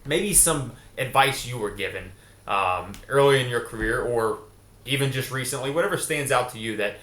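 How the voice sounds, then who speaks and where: A man's voice: medium pitch, normal speed, sharp tone. A man in his forties hosting an interview podcast, asking long, rambling, friendly questions with many fillers. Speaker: podcast host. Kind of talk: conversational interview. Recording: echoey room.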